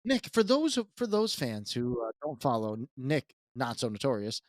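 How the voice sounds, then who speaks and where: A man's voice: mid-range voice, big pitch swings, moderate pace, dry recording, clean studio sound. A man co-hosting a casual podcast chat, teasing his friends and laughing along. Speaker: co-host.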